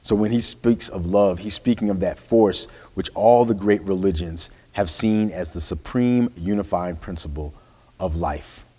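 A man's voice: low voice, a little slow, a little mellow, breathy edge, big-room sound. A man preaching a sermon, telling a personal story in an earnest way and quoting scripture. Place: church sanctuary.

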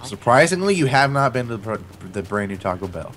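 A man's voice: medium pitch, big pitch swings, a little fast, a bit bright. A young man playing a game with friends, teasing them and narrating his own moves. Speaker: gamer. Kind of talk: casual gaming chat.

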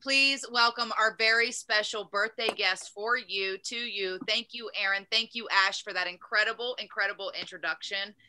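A woman's voice: medium pitch, moderate pace, hardly any pauses, bright, forceful tone, a little hiss or hum, poor audio. A woman co-hosting who gives gracious thanks and introductions. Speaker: co-host. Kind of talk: casual show chat.

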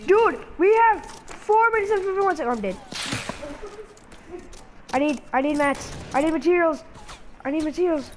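Over loud gunshots and game sound effects, a woman hosting a gaming channel delivers frantic live commentary, repeating her pleas over and over. Her voice is very high and lively at a normal speed, with frequent pauses and slight background noise.

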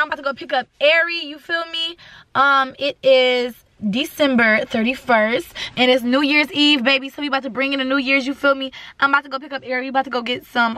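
A woman's voice: sits high, sharp tone, no echo. A young woman vlogging from her car, chatting casually in an upbeat, slangy way straight to her viewers. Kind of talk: casual vlog talk.

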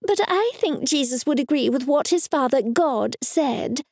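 A woman narrator voicing a shrill, indignant churchgoing mother scolding her grown daughter. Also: animated, measured pace, a little mellow, no room sound, studio quality.

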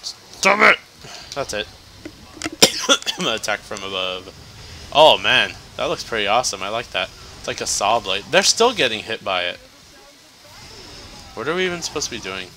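A man's voice: fairly low pitch, animated, normal speed, long pauses, noisy background. A man giving casual, joking let's-play commentary as he plays, chatty and laughing often. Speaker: gameplay commentator.

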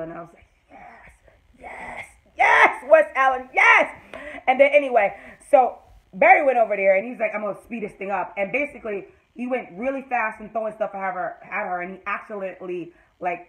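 A woman giving an excited, casual recap of a TV episode, swearing freely and breaking into loud squeals of delight. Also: medium pitch, fast, rough recording. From Jamaica. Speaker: TV episode reviewer.

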